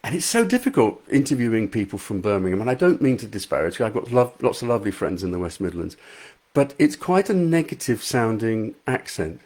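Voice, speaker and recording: A middle-aged English man, an author, chats casually with live viewers and reads out their comments in a self-deprecating, chatty way. His fairly low, darkish voice has big pitch swings and a brisk pace.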